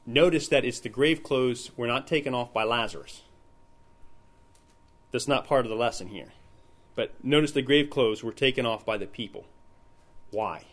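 A man's voice: mid-range voice, moderate pace, pauses often. Man teaching Bible study conversationally. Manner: conversational, retells scenes in acted quotes.

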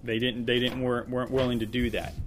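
Man, Bible study leader: earnest, conversational, mid-pitched, prone to repeating himself mid-thought. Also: flat delivery, fast talker, slight background noise. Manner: earnest, repeats words as he thinks aloud. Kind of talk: informal Bible teaching to a small group.

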